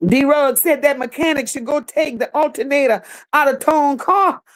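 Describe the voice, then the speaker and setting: A woman hosting a reaction channel, gossiping in casual commentary and reading chat comments, animated and laughing. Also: high-pitched, normal speed. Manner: animated, laughing, gossipy with playful put-on voices.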